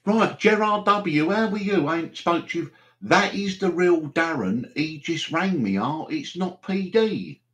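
A man's voice: fairly high pitch, expressive, unhurried, fairly bright tone. A man hosting a live stream, rambling and chatty, with mock exasperation. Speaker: livestream host.

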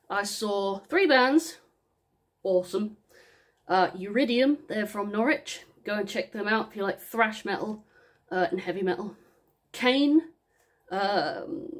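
A woman with a Northern English accent who rambles chattily and talks to herself during a casual unboxing vlog. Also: mid-range voice. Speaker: vinyl unboxing vlogger.

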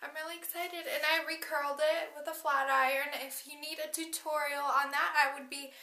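A young woman vlogging casually about her outfit, bubbly and scattered, with excited asides. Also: high-pitched, moderate pace, echoey room.

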